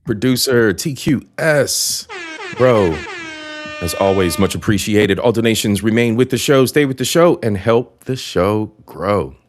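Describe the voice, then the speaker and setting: Animated livestream host, a man. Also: fairly low pitch, a little slow, soft background music. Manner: animated, chatty, shouts out viewers. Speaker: show host reacting to a video. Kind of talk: casual live-stream commentary.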